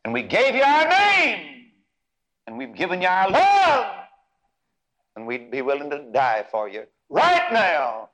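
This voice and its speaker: A man's voice: huge pitch swings, takes it slowly, a bit bright, heavily acted, rough recording. Loving father played by a preacher, tender and earnest. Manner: tender and low, then rising to earnest. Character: loving adoptive father of a boy.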